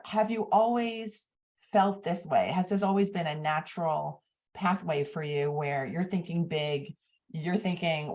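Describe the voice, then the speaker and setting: Woman interview host, low-pitched, thoughtful and hesitant. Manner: thoughtful, hesitant with soft fillers. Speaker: podcast host. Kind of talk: interview conversation.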